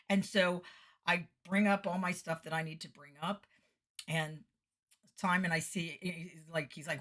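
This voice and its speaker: A woman's voice: sits low, normal speed. A woman entertainer telling a casual story, acting out the dialogue and dropping into whispered asides. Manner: animated, acts out dialogue, drops into whispered asides.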